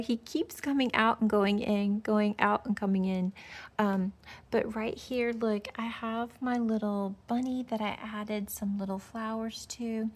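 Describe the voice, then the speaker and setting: A woman giving a chatty, gushing tour of her decorated porch, full of fillers and sweet little remarks. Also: on the high side. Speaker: home decor vlogger. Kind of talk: casual porch tour narration. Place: outdoor porch.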